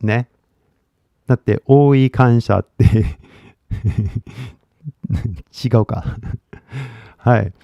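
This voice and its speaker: A man's voice: mid-range voice, very slow, creaky, pauses often, no room sound. A man with a Californian accent giving casual livestream English coaching, blunt and rambling with swearing, on dull lo-fi stream audio.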